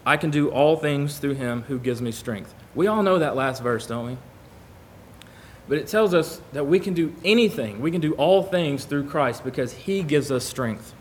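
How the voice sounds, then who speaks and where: This sermon comes from a man with a slightly high voice who sounds animated and keeps a moderate pace. He speaks conversationally with those in church and reads scripture aloud, over a faint hiss or hum.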